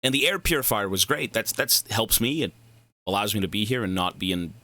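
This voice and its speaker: A man's voice: fairly low pitch, expressive, a little fast, bright, forceful tone, dry recording. A young man streaming a game, chatting casually, rambling and cursing as he goes off on side tangents. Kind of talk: casual livestream chat while gaming.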